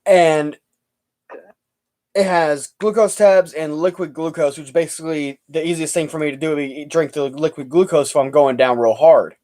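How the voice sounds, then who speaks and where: A man's voice: a little high, fairly even intonation, normal speed, a little mellow. A young man hosting a casual livestream chat, rambling and laughing easily. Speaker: livestream host.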